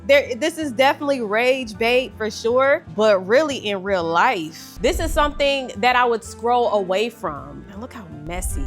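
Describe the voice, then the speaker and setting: A woman hosting a casual cooking vlog, talking animatedly to her viewers as she cooks and tastes. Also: a little high. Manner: animated, talks to viewers as y'all. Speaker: cooking vlogger host.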